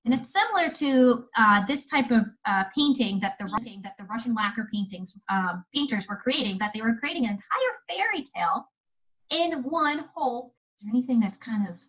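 A woman museum educator retelling a fairy tale to children, in an animated, chatty way, often asking her listeners questions. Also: fairly high pitch, normal speed, husky, poor audio. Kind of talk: storytelling lesson for children.

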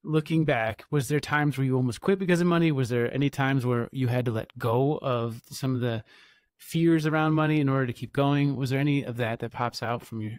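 A podcast co-host chats comfortably and reads a scripted intro, laughing frequently. His mid-range, slightly mellow voice moves fairly quickly, captured in clean studio sound with no room tone.

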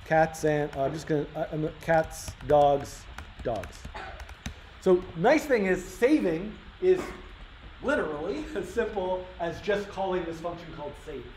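A man's voice: on the high side, expressive, a little slow, darkish tone. Chatty man live-coding in a roomy hall. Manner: chatty, thinking aloud, frequent fillers and restarts. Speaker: coding workshop instructor. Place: workshop room. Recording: roomy live-stream audio with faint room noise.

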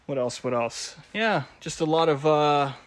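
A Canadian shop owner gives a casual behind-the-scenes vlog from inside a warehouse, his voice a little high, animated and unhurried. He rambles, using lots of fillers and small chuckles.

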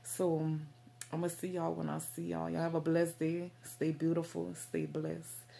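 Woman vlogger, low and gravelly, rambling casual faith talk. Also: completely flat delivery, unhurried, warm tone. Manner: rambling, repetitive fillers.

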